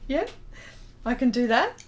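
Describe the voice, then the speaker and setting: A woman's voice: on the high side, big pitch swings, unhurried. A middle-aged Australian woman casually chatting with her livestream viewers, giggly and hesitant with many ums. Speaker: artist hosting a livestream. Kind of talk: casual chat reading out viewer comments.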